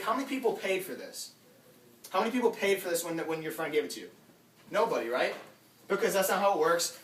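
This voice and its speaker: A young man in college delivers an energetic pitch to a group gathered in a house, his voice sitting a little high for a man. He is heard from a distance in an echoey room, with a faint hiss behind him. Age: young adult. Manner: energetic, addresses crowd directly, acts out quoted dialogue. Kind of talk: sales pitch to a small audience.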